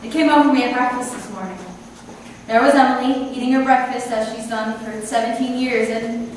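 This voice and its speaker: A woman's voice: a little high, steady tone, fairly quick, slight background noise, lightly acted. An actress on stage playing a fretful middle-aged mother who rambles tearfully on her daughter's wedding day. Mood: weepy. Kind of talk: stage play performance. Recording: echoey hall taped from far off.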